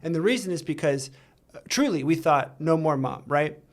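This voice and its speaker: A man with a slightly higher voice speaks earnestly, stopping and restarting as he works through a hard personal story. His delivery is candid, conversational and unpolished. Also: lively intonation. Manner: earnest, halting, with many restarts. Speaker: interview guest. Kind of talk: candid storytelling in a recovery interview.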